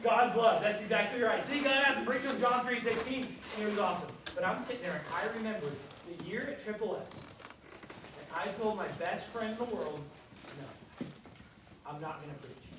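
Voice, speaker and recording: A man leading a kids church sermon, telling stories with animated quoted voices and quizzing the children. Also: high-pitched, normal speed. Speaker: children's pastor. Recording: very echoey room, voice from far off, noisy.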